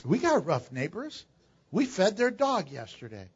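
An older male pastor delivers a lively sermon in a church, cracking jokes and jumping to loud bursts. His voice sits high and husky. The recording is dull and lo-fi. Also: a little slow. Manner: animated preaching with jokes and sudden loud bursts.

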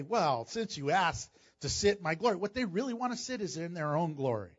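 A man preaching a sermon as pastor, animated and jokey, acting out the voices of people in the story. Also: high voice, normal speed, dull audio.

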